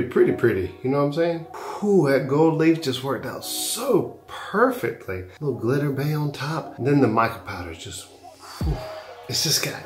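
A man hosting a hands-on craft tutorial, chatting casually and gushing with excitement as he works. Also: medium pitch. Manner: enthusiastic, gushing, exclaims while working. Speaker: airbrush artist and channel host.

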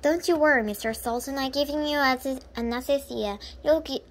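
A woman voicing a calm male anesthesiologist mouse who talks in a reassuring way in a storybook reading. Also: high-pitched, a little fast, a little hiss or hum. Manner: soothing, reassuring.

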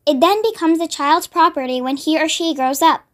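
A woman voicing a gentle, kind young woman teacher in a storybook, soft-spoken. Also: high-pitched, moderate pace, lightly acted. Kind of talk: read-aloud storybook acting.

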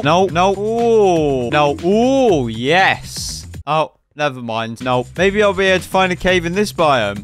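A man giving chatty, playful commentary over his own gameplay, cracking jokes and talking to the game as he goes. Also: a little high. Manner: chatty, excitable, jokey asides to the game. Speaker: gaming YouTuber.

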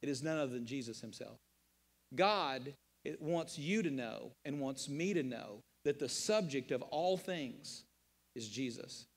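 Emphatic male preacher, echoing church hall. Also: fairly high pitch. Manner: emphatic, rhetorical preaching with repetition. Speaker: pastor. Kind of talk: sermon. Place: church sanctuary.

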